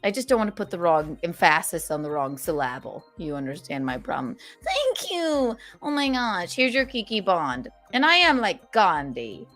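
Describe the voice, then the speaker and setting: A woman hosting a casual livestream podcast, reading super chats aloud and venting sarcastically, swearing freely and swinging from loud outbursts to low mutters. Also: sing-song, moderate pace, few pauses, faint music behind. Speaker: streamer and podcast host.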